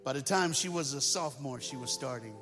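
A man's voice: medium pitch, a little fast, a bit bright. Dramatic male preacher in a reverberant hall. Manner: dramatic, colloquial storyteller. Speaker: guest speaker. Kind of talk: sermon storytelling. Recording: long hall reverb, faint music.

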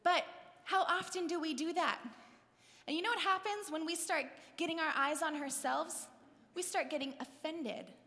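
High-voiced woman preaching in a reverberant hall. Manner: animated, acts out scenes in voices; conversational, asks the audience questions. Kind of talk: sermon.

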